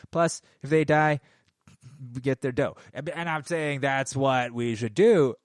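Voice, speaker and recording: A man's voice: medium pitch, a little slow, no echo. Forty-ish guy ranting into his mic, swearing nonstop, dry close sound. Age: 40s. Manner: profane, heated, swears constantly. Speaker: podcast host. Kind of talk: casual rant. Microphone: studio microphone.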